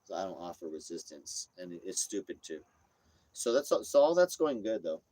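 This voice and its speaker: Man, lowish voice, casual livestream chat, rambling, repetitive, swears a lot, phone mic inside an RV. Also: very animated, normal speed, dark tone, dry recording. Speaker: streamer. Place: inside a parked RV.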